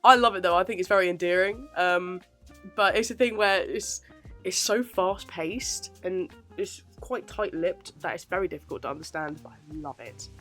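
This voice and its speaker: A woman in her twenties with a Southern English accent from the Portsmouth area chats casually as an aspiring actor vlogger, giggly and self-deprecating. Her voice is fairly low and fairly bright, at a moderate pace, with faint music in the background.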